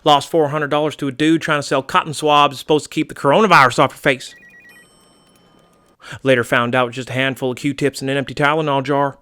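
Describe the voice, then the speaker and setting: A man's voice: medium pitch, flat delivery, brisk, bright, forceful tone, smooth, lightly acted. A man doing a brash, gun-loving rural guy. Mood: blustering. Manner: blustering, crude and folksy. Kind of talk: comedy sketch acting.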